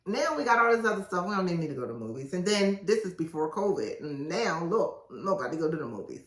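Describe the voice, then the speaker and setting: A woman podcast host who reads aloud from her own book and breaks off into casual asides, assertive and animated. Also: lowish voice, quick pace, hardly any pauses. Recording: roomy echo, mic at a distance.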